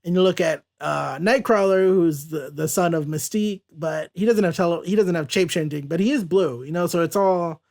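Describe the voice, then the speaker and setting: On a casual comic review podcast, a man with a voice on the high side and a darkish tone walks through the comic page by page. He laughs often and reads character lines in quick, loose paraphrase.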